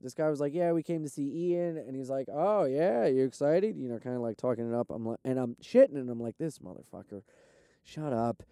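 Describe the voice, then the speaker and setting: A man, a touring stand-up comic, chatting casually and rambling with lots of swearing and excitement while sitting in his parked car. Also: high voice, vocal fry, no room sound, clean studio sound. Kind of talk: casual vlog chat.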